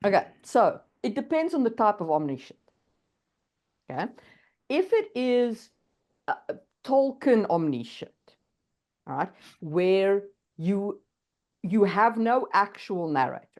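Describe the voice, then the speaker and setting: A woman's voice: medium pitch, big pitch swings, slow pace, long pauses, a little mellow. A woman co-hosting a podcast, explaining writing craft in a thoughtful, casual way and often checking in with "right?". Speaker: podcast co-host.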